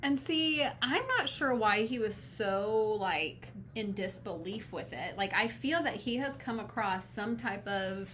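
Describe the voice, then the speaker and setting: A woman co-hosts a casual podcast at a middle pitch, musing aloud and wondering about what she watched. She often says "like", and faint noise hums in the background. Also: fairly bright tone. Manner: musing, questioning, many "like" fillers. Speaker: podcast co-host. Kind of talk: casual recap chat.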